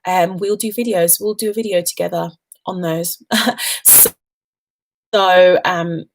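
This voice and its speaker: A British woman hosting a casual hair care livestream, chatting to viewers with many ums and warm affection toward her audience. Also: fairly low pitch, fairly even intonation, unhurried, slight background noise. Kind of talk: casual live chat answering viewers. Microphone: webcam livestream.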